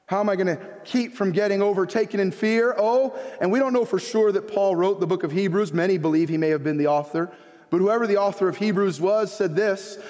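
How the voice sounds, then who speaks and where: A male pastor preaching with fervent, emphatic delivery in a fairly high voice. His words ring out with a long reverb tail in a church hall. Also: a little fast, darkish tone. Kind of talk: sermon.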